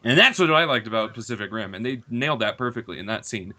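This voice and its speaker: A man chatting casually as a guest on an online podcast, ranting with animated impressions of characters. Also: lowish voice, quick pace.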